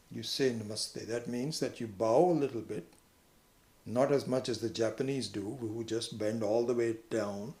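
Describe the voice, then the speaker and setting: A man giving a conversational lecture on scripture, who now and then jumps into a much higher voice when acting out what other people say. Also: a little mellow, roomy sound. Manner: conversational, acts out quoted people with sudden high pitch. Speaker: spiritual teacher.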